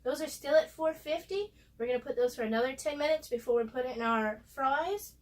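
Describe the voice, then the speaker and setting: High-voiced woman chatting through a recipe. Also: a little fast. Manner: chatty, talks through each step. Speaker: cooking vlogger. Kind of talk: casual cooking demonstration. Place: home kitchen. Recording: voice a bit far from the mic.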